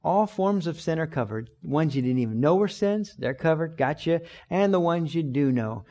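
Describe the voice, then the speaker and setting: A man's voice: fairly high pitch, animated, moderate pace, dark tone. Conversational man preaching a Bible teaching. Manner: conversational preaching with acted-out quotes and everyday examples. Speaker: pastor. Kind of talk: sermon.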